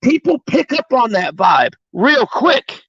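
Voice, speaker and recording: A man's voice: extremely high pitch, very animated, slow, a bit bright, husky, dry recording, muffled recording. A man giving a live-streamed motivational talk, preachy and emphatic, swearing freely. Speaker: motivational livestreamer.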